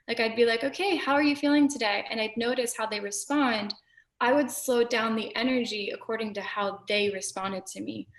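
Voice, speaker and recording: A woman's voice: on the high side, a bit bright. A young woman who works as a business coach, sharing her own experience in a reflective, conversational way. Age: young adult. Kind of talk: conversational webinar input. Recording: roomy, distant from the mic.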